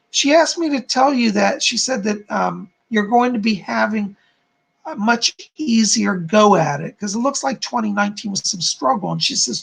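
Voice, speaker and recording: A man's voice: sits high, moderate pace, creaky, a bit bright, breathy edge. A man hosting a live-stream of psychic readings, speaking soothingly to viewers and calling them darling and hon. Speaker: psychic medium host.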